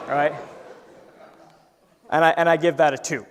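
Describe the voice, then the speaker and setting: A man's voice: fairly high pitch, slow pace, pauses often, slight background noise. A man giving a conversational entrepreneurship talk on stage, telling a personal story, acting out the voice in his head, and checking in often with the audience. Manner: animated storyteller, acts out his inner voice, frequent "right?". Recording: hall reverb from stage.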